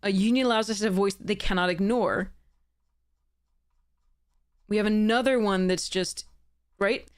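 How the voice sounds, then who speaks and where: A woman's voice: medium pitch, normal speed, clean tone. A woman streamer reading a letter aloud and picking it apart in casual, heated commentary, sarcastic and swearing at times.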